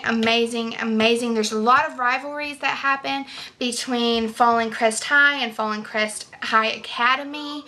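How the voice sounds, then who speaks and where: A woman's voice: on the high side, pushed and bright. A young woman vlogging casual, enthusiastic book reviews, chatty with many fillers and restarts.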